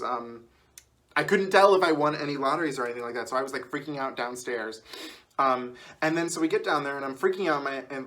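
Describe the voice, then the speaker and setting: A man's voice: medium pitch, pushed and bright. A man in his twenties chatting casually as a vlogger, rambling through an anecdote and laughing often. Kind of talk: casual storytelling.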